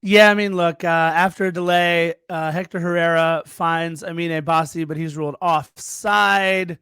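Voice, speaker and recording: Co-host, man, high gravelly voice, excitable match retelling, dry sound. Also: a little slow, dry recording. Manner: eager, excitable play-by-play retelling. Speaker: podcast co-host. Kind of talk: casual soccer recap chat.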